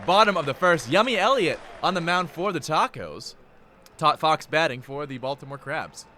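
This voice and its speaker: A young man announcing live play-by-play, punchy, excitable and energetic, jumping all over the place. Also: a little high, normal speed, a little hiss or hum.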